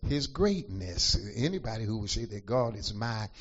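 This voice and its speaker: A man preaching a sermon, slow and deliberate, dropping "amen" and "uh" between phrases. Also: fairly low pitch, very animated, husky. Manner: slow and deliberate, frequent "amen" and "uh" fillers, rising toward the end. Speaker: pastor. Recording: dull lo-fi recording.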